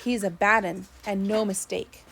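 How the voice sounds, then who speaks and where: A woman's voice: medium pitch, fairly even intonation, moderate pace, vocal fry, fairly bright tone. A woman voicing a wary sailor giving an earnest warning.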